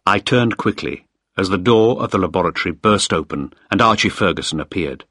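A man narrates a story in an expressive, lively way. His voice is low-pitched but bright, with a husky grain. The recording is dry and close. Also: brisk, no room sound. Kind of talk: scripted narration.

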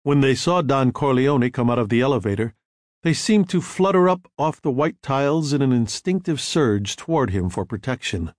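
A man narrating an audiobook in a measured, even manner. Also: mid-range voice, dry recording, studio quality.

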